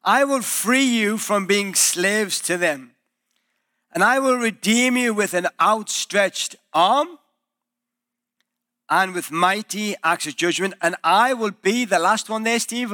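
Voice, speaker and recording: Taking his time, a male pastor with a high voice preaches in church, recounting the story in a lively manner and acting out each quoted voice.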